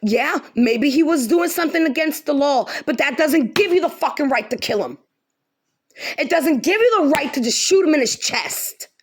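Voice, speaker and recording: A woman's voice: sits high, expressive, moderate pace. A woman vlogger delivering an angry direct-to-camera rant, heated and profane, repeating lines for emphasis.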